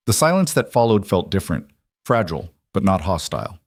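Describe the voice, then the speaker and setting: A low-voiced man reads a western story in measured, unhurried narration. The sound is dry and close to the mic. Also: sing-song, dry recording.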